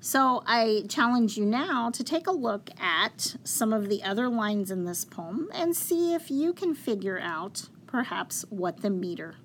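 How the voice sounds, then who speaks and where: A woman's voice: fairly high pitch, animated, a little slow, hardly any pauses, a bit bright, a little hiss or hum. A woman teacher giving a classroom lesson on poetry, patiently explaining step by step and counting syllables aloud.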